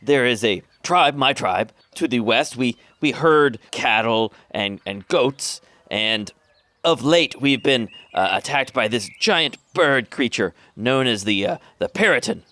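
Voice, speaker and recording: A man voicing a female orc cattle herder who speaks formally and rambles, with hesitant pauses. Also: medium pitch, animated, pushed and bright, no echo. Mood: polite, rambling.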